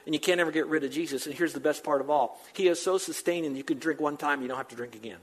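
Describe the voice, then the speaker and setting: Emphatic older male preacher. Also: on the high side. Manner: emphatic, with fast repeated phrases and sudden drops to a hush. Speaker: pastor. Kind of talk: sermon.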